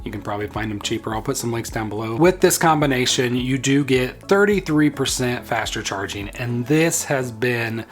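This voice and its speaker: A man's voice: medium pitch, expressive, normal speed, hardly any pauses, soft background music. A man talking casually in a vlog-style tech review, chatty and enthusiastic, prone to playful tangents.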